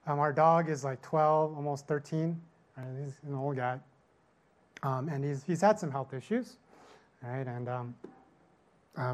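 Middle-aged male pastor, casual sermon storyteller, a bit high-pitched, keeps asking "right?". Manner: storytelling with constant "right?" tag questions. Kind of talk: conversational sermon.

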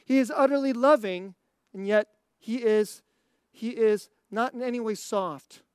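In an unhurried, drawn-out and deliberate sermon, a preacher fires off one rhetorical question after another, slipping a laugh in between points. His medium-pitched voice is clear and resonant, sounding close and dry with no room sound around it.

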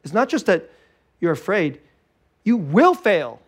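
A male pastor preaching a sermon in an animated way, acting out little scenes and laughing often. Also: high-pitched, measured pace, slightly rough. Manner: animated, acts out scared and joyful voices, laughs often.

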